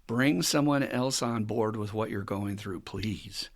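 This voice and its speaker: A man hosting a recovery podcast, talking casually and teaching with animated stories. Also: fairly low pitch, measured pace. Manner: animated storytelling with acted quotes and frequent laughs. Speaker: recovery counselor and podcast host.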